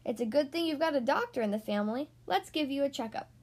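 A woman voicing a caring mother who is a doctor, warm and reassuring, in a storybook reading. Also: high voice, lively intonation, fast talker.

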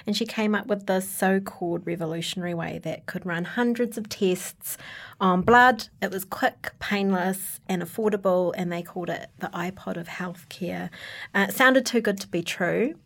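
A woman's voice: mid-range voice, normal speed. A woman, co-hosting a podcast and leading segments in casual chat. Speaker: podcast co-host.

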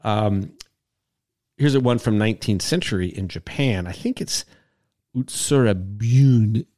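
A man's voice: lowish voice, expressive, normal speed, a little mellow, no echo, clean studio sound. A man hosting a podcast, telling a story in a rambling, casual way, repeating words and acting out quotes.

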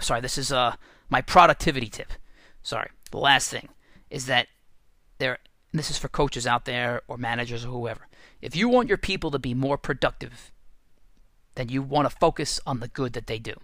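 A man who coaches football, giving an energetic, animated motivational talk full of stories and restarts. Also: medium pitch, dry recording.

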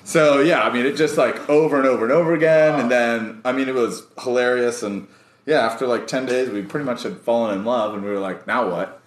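A man tells a story in easy, casual chat, lively and quick to laugh. He slips into a high, excited voice each time he quotes someone, then drops back to his middle-pitched own voice. The sound is roomy, with noticeable echo. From United States. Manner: animated, acts out quotes in a raised voice, laughs often. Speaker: guest.

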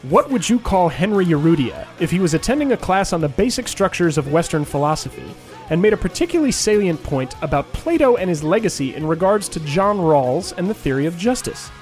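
A man's voice: high-pitched, big pitch swings, brisk, a little mellow, faint music behind. A man co-hosting a comedy podcast, with mock-grand, theatrical phrasing. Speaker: podcast co-host.

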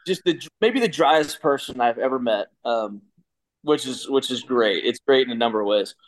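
A man's voice: mid-range voice, lively intonation, moderate pace. Rambling man telling a story. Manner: rambling, many restarts and fillers. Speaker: guest, former pitcher. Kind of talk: casual storytelling.

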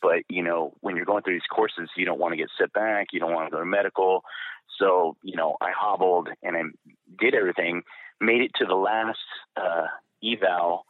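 Middle-aged veteran guest with a deep voice, candid and rambling, on a dry, tinny line. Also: male voice, fairly even intonation, moderate pace, no echo. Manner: candid, rambling with fillers and restarts. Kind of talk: storytelling in an interview. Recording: dry, phone-like narrow sound.

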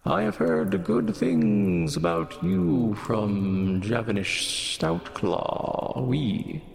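A man doing a gentle sing-song construct. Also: mid-range voice, very animated, creaky, echoey room, big-room sound, voice pushed up, full character voice. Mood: formal. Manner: sing-songy, slow and formal. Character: towering formal robot-like construct, gentle.

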